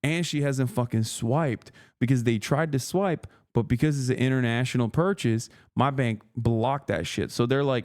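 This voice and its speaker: A man's voice: mid-range voice, normal speed, few pauses, a little mellow. A man in his thirties, a streamer telling a long, profane, exasperated story in casual livestream chat.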